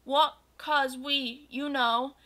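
A woman's voice: high voice, fairly even intonation, very slow, a bit bright, exaggerated voice. A woman reading aloud, voicing an awkward, pleading teenage goth boyfriend.

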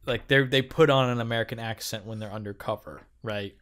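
Brief: male co-host, medium pitch, laid-back, halting conversational delivery. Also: fairly even intonation, fairly bright tone. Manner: hesitant, many fillers and restarts, easygoing. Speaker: podcast co-host. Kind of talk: casual chat.

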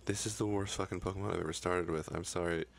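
Gravelly low-voiced gaming man, swearing. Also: fairly even intonation, fast talker. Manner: frustrated, swearing at the game. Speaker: gaming YouTuber. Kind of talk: profane Let's Play commentary.

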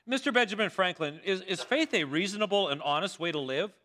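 A man voicing a sharp female prosecutor. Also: sits high, lively intonation, a little fast, pitched above the performer's own voice. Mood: probing. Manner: pointed questioning.

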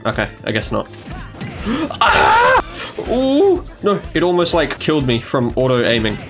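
A young man commentating his own video game matches, excitable and quick to yelp, gasp and trash-talk. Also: medium pitch, music in the background. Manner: excitable, yelps and gasps at plays, trash talk. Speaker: gaming YouTuber. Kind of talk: gameplay commentary.

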